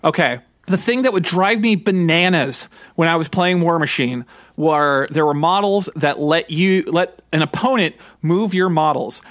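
A man in his thirties co-hosting a podcast, chatting excitedly and rambling with lots of fillers. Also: a little high, a little slow, no room sound, clean studio sound. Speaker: podcast co-host. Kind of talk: casual chat.

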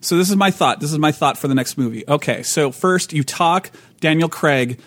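Chatting casually as co-host of a tabletop gaming podcast, a man laughs a lot and rambles with frequent restarts. He has a fairly high, fairly bright voice at normal speed, and there's no echo.

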